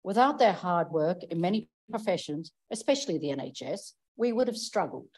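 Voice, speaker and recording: A woman councillor giving a prepared, measured and earnest speech in a council chamber. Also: on the low side, expressive, a little mellow, low-quality recording.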